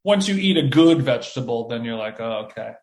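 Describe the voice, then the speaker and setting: A man's voice: mid-range voice, animated, brisk. A man hosting a podcast, joking and teasing in casual chat. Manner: joking, playful. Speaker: podcast host. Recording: roomy room sound.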